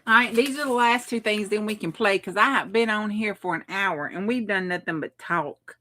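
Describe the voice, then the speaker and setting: With a little hiss or hum in the background, a middle-aged woman speaks at a normal speed in a medium-pitched, sharp-toned voice. Hosting a craft livestream, she chats easily with her viewers, responds to chat, and laughs a lot.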